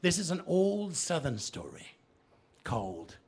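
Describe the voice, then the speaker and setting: A man's voice: on the high side, a little slow, breathy edge. A man giving a theatrical live storytelling performance in a bookstore, drawing the audience into call and response. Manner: animated, theatrical, engages the audience.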